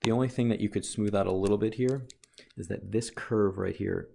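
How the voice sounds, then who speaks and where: A man's voice: fairly low pitch, steady tone, brisk, creaky, dark tone, a little hiss or hum. A man teaching a recorded calculus lesson, talking through a graph as he draws and often correcting himself mid-sentence. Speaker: math teacher.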